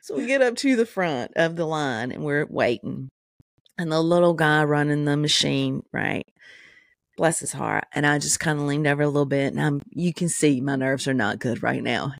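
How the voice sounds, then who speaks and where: A middle-aged woman co-hosting a podcast, telling an animated story full of profanity in casual chat. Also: sits low, normal speed, vocal fry, no room sound, clean studio sound. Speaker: podcast co-host.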